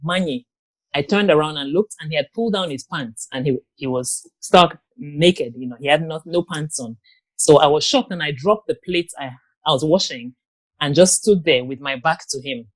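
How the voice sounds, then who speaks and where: A grown woman giving an interview guest's personal account, talking in a halting way with many pauses and restarts. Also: low-pitched, no echo. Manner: halting, with frequent ums and restarts. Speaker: guest, abuse survivor and author.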